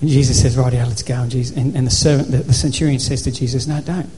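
A man preaching a sermon as pastor, building to repeated, shouted phrases. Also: medium pitch, little pitch movement, quick pace, slight background noise. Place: church hall. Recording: reverberant church hall.

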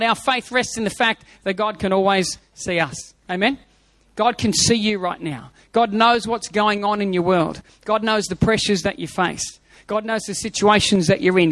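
Male pastor, high voice, emphatic repetitive sermon delivery, dry close mic. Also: fairly bright tone, no room sound. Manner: emphatic preaching with repeated phrases and a told joke. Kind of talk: Easter sermon.

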